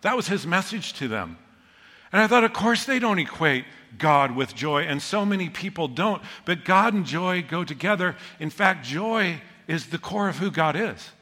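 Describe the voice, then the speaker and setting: A middle-aged man preaching a sermon, telling stories in a lively, joking way. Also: a little high, moderate pace. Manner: storytelling, animated, self-deprecating humor. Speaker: pastor. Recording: long hall reverb.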